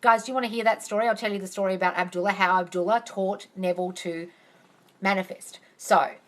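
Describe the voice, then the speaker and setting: A woman's voice: medium pitch, fast. Chatty woman telling a story on a livestream. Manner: chatty, animated storyteller who acts out quotes. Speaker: manifesting coach. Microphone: phone livestream.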